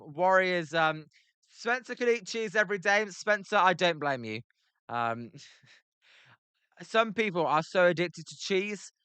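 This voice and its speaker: Young British streamer calling a ball game loosely, reading chat; clear, smooth, slightly high voice. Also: male voice, pushed and bright, no room sound. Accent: British English. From Britain. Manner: rambling, many ums, reads chat aloud. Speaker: livestream commentator. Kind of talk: casual play-by-play with chat reactions.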